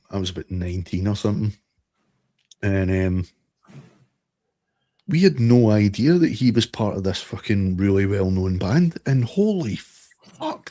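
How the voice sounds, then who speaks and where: A middle-aged man from Scotland, co-hosting a casual podcast and telling stories full of swearing and laughter. His voice sits on the low side. It is recorded dry, with no room sound. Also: warm tone, dry recording, poor audio. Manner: sweary storytelling, laughs often. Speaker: podcast co-host. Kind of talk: casual chat.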